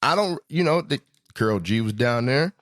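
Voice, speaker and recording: A man riffs through a comedic podcast monologue at middle pitch. His delivery is animated: it swoops up high and drops low, and he laughs often along the way. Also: normal speed. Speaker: podcast host.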